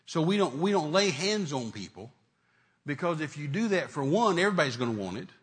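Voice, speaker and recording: Guy preaching, slightly high voice, keeps repeating lines and punching them up. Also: big pitch swings, a little fast. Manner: emphatic, repetitive preaching with rising declarations. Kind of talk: sermon.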